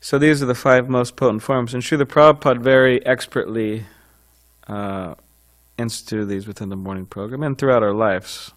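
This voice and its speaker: A man's voice: medium pitch, steady tone, normal speed. A man giving an informal scripture class, talking conversationally with frequent fillers and light chuckles.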